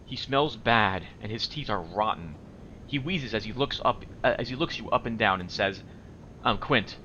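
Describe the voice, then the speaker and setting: A man playing a role-playing game, reading its dialogue and narration aloud with quick asides. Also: fairly low pitch, animated, pushed and bright. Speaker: let's play host. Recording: slightly dull home mic with faint noise.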